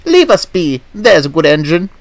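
A man's voice: on the high side, sing-song, moderate pace, voice pushed up. A man voicing a pair of haughty, fussy old female railway coaches who whine and shriek their complaints. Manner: prim, whiny, shrieking complaints.

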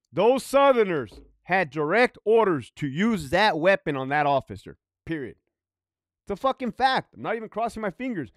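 Animated ex-prison guard telling stories. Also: male voice, high-pitched, dry recording, studio quality. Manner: profane, emphatic, conversational with frequent "right?". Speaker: former prison guard storyteller. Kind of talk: casual storytelling monologue.

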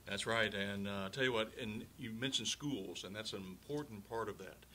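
A man hosting a talk show with a very bright, sharp tone. He leads casually into a commercial break. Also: fairly low pitch, moderate pace, a little hiss or hum. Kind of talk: announcing a break.

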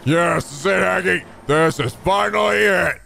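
Brief: man doing a gravelly, shouty turtle king villain, loud and bright, boastful. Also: high-pitched, normal speed, soft background music, voice pushed up, exaggerated voice. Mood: gleeful. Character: gloating, blustering male king of turtles. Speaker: let's player voicing a character.

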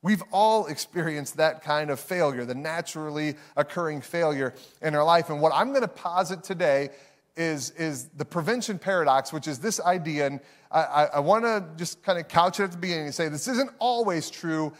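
A man's voice: a little high, moderate pace. A man, preaching a sermon in a conversational, self-deprecating storytelling way to a live congregation. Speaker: pastor.

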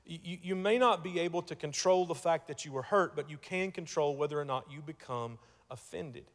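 Pastor preaching in a reverberant hall. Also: male voice, a little high, fairly quick. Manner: storytelling, repeats words when starting, swings from hushed to loud. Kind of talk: sermon. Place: church sanctuary.

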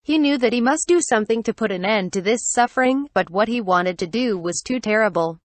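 Woman audiobook narrator, mid pitch, steady pace. Dry, close sound. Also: normal speed, no room sound. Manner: even, steady reading that speaks the punctuation aloud.

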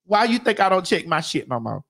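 A woman's voice: fairly low pitch, a little fast, slightly rough. A woman hosting a morning talk show, telling stories in casual chat with a lot of laughter and mimicry. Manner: animated, laughing storyteller who mimics crowds.

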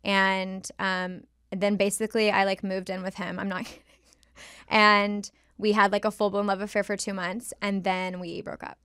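A woman guest on a casual podcast, telling a story in an animated way and swearing freely, close to the mic. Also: medium pitch, moderate pace, smooth, dry recording.

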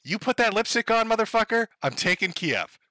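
A man's voice: high voice, lively intonation, fairly quick, pushed and bright, no echo, pitched above the performer's own voice. A man putting on a crude, blustering impression of a male world leader ranting and swearing in his own voice. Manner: profane, blustering.

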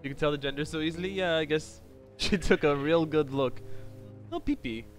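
A man's voice: on the high side, normal speed. A man streaming a game live, joking and chatting playfully with viewers. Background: game music.

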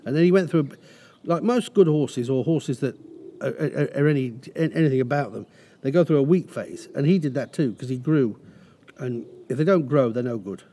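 A man's voice: mid-range voice, lively intonation, fairly quick, dark tone. A middle-aged man, a racehorse trainer, telling rambling anecdotes in a casual interview. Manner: rambling anecdotes with restarts and acted quotes.

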